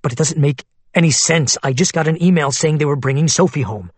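A man voicing a tense, anxious man on the run, speaking low and hushed in an audiobook. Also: fairly quick, no echo, natural voice.

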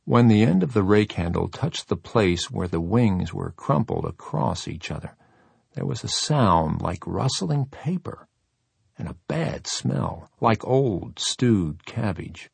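Low gravelly guy reading a scary audiobook, slow and deliberate, raspy. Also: lively intonation, a little mellow, no echo. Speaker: audiobook narrator. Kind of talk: horror audiobook narration.

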